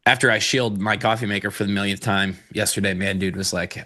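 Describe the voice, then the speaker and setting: A man's voice: lowish voice, a little fast, few pauses. A man co-hosting a casual live trading show, joking around and talking about his hobbies, and a bit stuffed up. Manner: playful and joking, excitable asides. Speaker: co-host.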